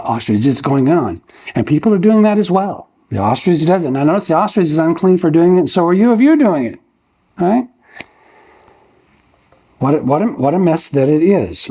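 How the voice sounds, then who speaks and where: An older male pastor preaches from the pulpit in a husky voice that sits a little high for a man. He keeps it folksy and conversational, throws rhetorical questions at his congregation, and tags his points with "okay?". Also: mellow. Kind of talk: verse-by-verse sermon. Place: church.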